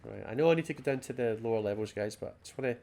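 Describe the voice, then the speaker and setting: A Scottish man commenting on gameplay, chatty and excitable, often reading in-game documents aloud. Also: medium pitch, racing, creaky. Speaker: let's play host.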